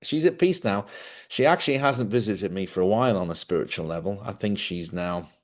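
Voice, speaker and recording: Low-voiced man rambling through stories. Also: expressive, fairly quick. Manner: rambling anecdotal storytelling. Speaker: live stream host. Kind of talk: casual chat.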